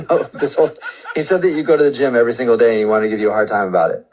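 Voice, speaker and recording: A man hosting a radio show, running a deadpan prank phone call in a calm, mock-polite customer-service manner. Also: mid-range voice, very fast, noisy background.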